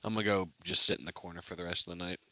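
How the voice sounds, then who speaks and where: A man playing a tabletop game, describing his character in a flat, deadpan manner. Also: low-pitched, rapid-fire, dry recording. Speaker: player. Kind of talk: casual tabletop role-play.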